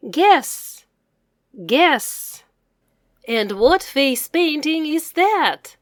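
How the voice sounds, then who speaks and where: Slow, lively woman teaching reading. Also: high-pitched, dry recording, studio quality. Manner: slow, clearly spoken words repeated for a learner. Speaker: parent reading with a child. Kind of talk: English reading lesson.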